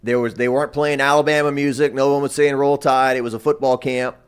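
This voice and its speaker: A man's voice: mid-range voice, fairly even intonation, quick pace, clear, resonant tone. Rambling man, stop-start sports talk. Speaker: sports reporter guest. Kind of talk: casual sports radio chat.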